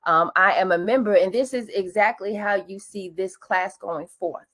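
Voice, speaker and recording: A woman's voice: medium pitch, moderate pace, fairly bright tone. A woman hosting a webinar, talking in a hype, casual way with slang and call-and-response greetings, over a computer mic on a video call. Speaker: webinar host. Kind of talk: lively webinar presentation.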